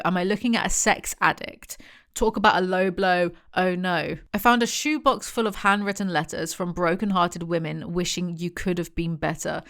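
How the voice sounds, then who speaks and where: A woman's voice: fairly low pitch, steady tone, moderate pace, a bit bright, smooth. A young woman chatting casually and sarcastically as she reacts to song lyrics, swearing and laughing as she goes.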